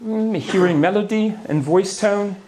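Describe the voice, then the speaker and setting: Male lecturer, theatrical, playful asides, fairly high voice, conference talk. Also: measured pace, warm tone, slight background noise. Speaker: neuroscience lecturer. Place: conference hall before an audience.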